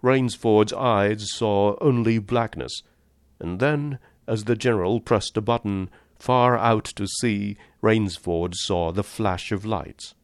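A man narrating a short story in a measured, understated reading. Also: on the low side, clean tone, no echo, studio quality.

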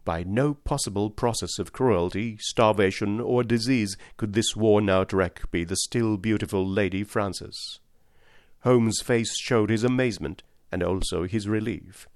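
A man narrating a classic detective story in a measured storytelling manner. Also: lowish voice, a little mellow, no echo, clean studio sound.

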